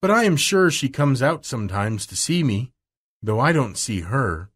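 A man reading aloud and voicing a kind young girl who speaks softly and soothingly in a low half whisper. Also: very animated, moderate pace, breathy edge. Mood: gentle.

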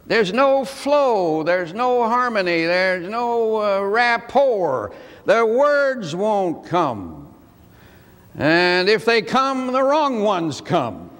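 A man preaching a sermon, telling a story in a folksy way with dramatic pauses. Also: high voice, big pitch swings, a bit bright. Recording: archival sermon with long hall reverb.

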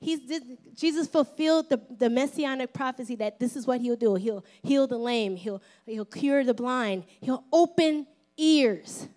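Middle-aged woman pastor, high voice, lively playful sermon delivery, dips into whispers. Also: unhurried, few pauses. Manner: drops to a whisper at times.

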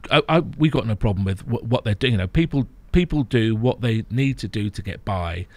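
A man coaching and explaining on a podcast, emphatic, often checking in with a quick "right?". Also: medium pitch, animated, a little mellow, no echo. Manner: emphatic, explaining, frequent "right?" tag questions. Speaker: therapy programme coach. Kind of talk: podcast guest conversation.

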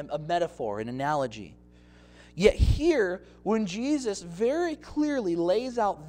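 Male pastor, expressive sermon delivery with acted-out scenes, higher voice.

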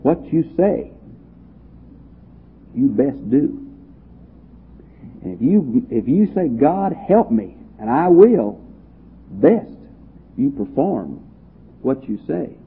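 A man's voice: medium pitch, very animated, slow, pauses often, slight background noise. A man teaching a Bible study in a homespun, conversational way, reading verses aloud and then explaining them. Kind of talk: folksy Bible study lecture. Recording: tinny phone-like audio.

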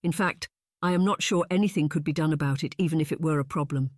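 A narrator voicing a composed, sharp-tongued young lady who speaks flat and measured. Read close and dry as an audiobook character. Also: medium pitch, dry recording, lightly acted.

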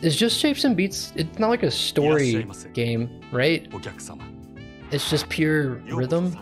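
A young man chatting casually as he streams a game, rambling and thinking out loud. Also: on the high side, animated, takes it slowly, faint music behind. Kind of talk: casual gameplay commentary.

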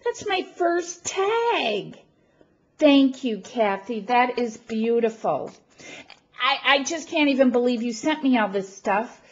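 A woman crafting vlogger, not feeling well, gushing and gasping with excitement as she opens a gift package at home and chats to the camera. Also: a little high, slow, muffled recording. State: feeling unwell. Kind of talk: excited unboxing chat to camera.

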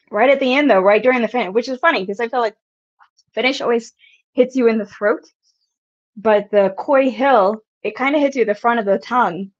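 A woman's voice: mid-range voice, dull audio. A woman hosting a casual whiskey livestream, rambling with lots of giggles and casual swearing. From United States. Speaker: whiskey channel host.

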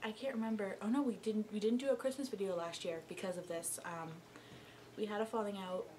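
A young woman chatting casually and excitedly while opening gifts, swinging between gushing and hushed talk. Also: mid-range voice, brisk, background noise. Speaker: friend opening gifts on camera.

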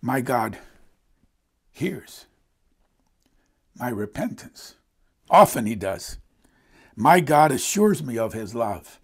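A man's voice: medium pitch, very animated, slow pace, pauses often, slightly rough. A middle-aged man preaching a sermon as a pastor, speaking in an earnest, emphatic way.

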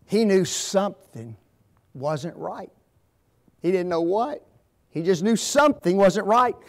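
A man's voice: high voice, takes it slowly. An older man giving a folksy seminar talk in a church, telling stories and asking the audience rhetorical questions. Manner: animated storytelling with rhetorical questions. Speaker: guest speaker at a marriage seminar. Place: church hall.

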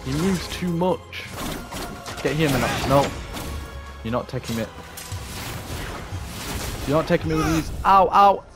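A man giving excitable gaming commentary, growing panicky and crying out during fights. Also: on the high side, measured pace, long pauses. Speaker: gamer. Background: game music.

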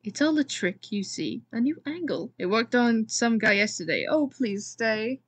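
A woman voicing a big, ugly, scheming male lizard man in a read-aloud storybook, with theatrical, blustering delivery and a slightly breathy tone. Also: on the high side, sing-song, normal speed, dry recording. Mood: panicked.

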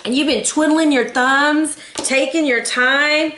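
A woman in her thirties reads tarot in a chatty, heartfelt way, wandering into asides. Her voice sits a little high. The room around her is echoey. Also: fairly even intonation, takes it slowly, pushed and bright, a little hiss or hum. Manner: chatty and emotional, with rambling asides. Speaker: tarot reader. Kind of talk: casual tarot reading.

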